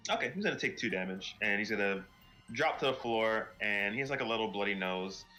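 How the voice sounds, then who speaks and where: A man narrating a tabletop game as dungeon master, often laughing and pausing with fillers. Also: fairly low pitch, expressive. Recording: soft music behind.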